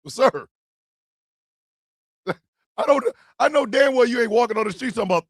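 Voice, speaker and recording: A man hosting a live stream show, telling animated, profane jokes in a casual rant. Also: very high voice, moderate pace, pauses often, no room sound, studio quality. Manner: animated, joking, profane storytelling. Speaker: host.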